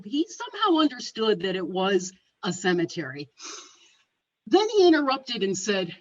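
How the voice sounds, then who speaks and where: A woman's voice: on the high side, brisk, highs cut off. A woman giving a humorous storytelling speech, acting out the dialogue, over a video call. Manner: animated, acts out the dialogue. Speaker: speaker at a speaking club.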